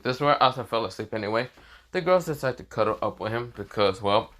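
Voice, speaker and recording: With lively intonation and a brisk pace, this medium-pitched, slightly bright male voice tells a fan story in a loose, rambling way. He relies heavily on repeated fillers like "this is where, well, mostly."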